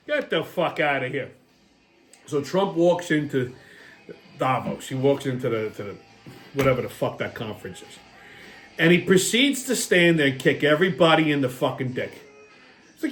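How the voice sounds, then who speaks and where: A man's voice: sits high, lively intonation, moderate pace, fairly bright tone, faint music behind. Profane, sarcastic man ranting. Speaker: host. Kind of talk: comedic political rant.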